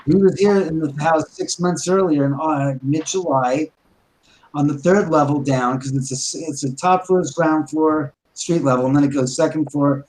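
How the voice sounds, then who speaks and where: Animated man telling a ghost story. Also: fairly high pitch, rough recording. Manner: rambling, animated, with many restarts and quoted dialogue. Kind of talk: casual storytelling chat.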